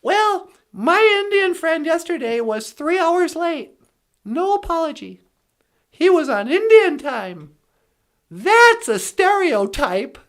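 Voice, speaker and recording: A woman's voice: very high-pitched, sing-song, slow. A woman delivering a comedic rant in a sarcastic, mocking way, laughing often. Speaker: comedic commentator.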